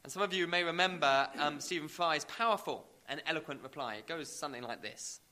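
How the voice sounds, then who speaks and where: Male preacher, bright slightly high voice, emphatic sermon delivery, some hesitant fillers. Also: a little fast, hardly any pauses. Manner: emphatic, builds with rising repeated questions.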